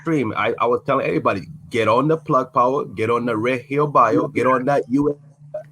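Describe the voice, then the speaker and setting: A man's voice: mid-range voice, a little fast, sharp tone. A man guest on a live stream, laid-back and boastful in casual chat, swearing freely.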